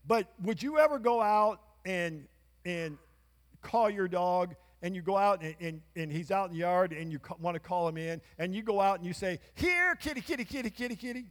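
A man's voice: high voice, normal speed. A man pastor preaching a sermon in a church, emphatic, with call-and-response to the congregation. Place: church sanctuary. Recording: long church hall reverb.

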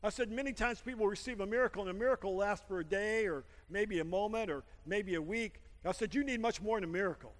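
A man's voice: sits high, quick pace, hardly any pauses. A male pastor preaching a sermon, telling a story and calling for amens from the congregation. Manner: storytelling preacher, calls for amens, builds to loud praise. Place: church sanctuary. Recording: long reverb in a church hall with music.

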